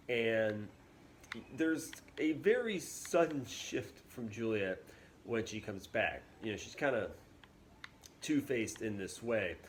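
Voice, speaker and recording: A male teacher talks through a lesson slowly and casually, with plenty of "kinda" and "um." His voice sits at a mid pitch. Faint background noise can be heard. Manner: relaxed, chatty, lots of fillers. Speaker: English teacher. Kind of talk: casual classroom video lesson.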